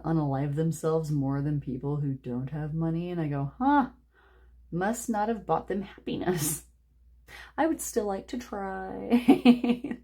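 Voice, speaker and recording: A woman's voice: deep voice, warm tone. A woman giving a casual pick-a-card tarot reading, rambling and chatty, laughing often. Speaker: tarot reader.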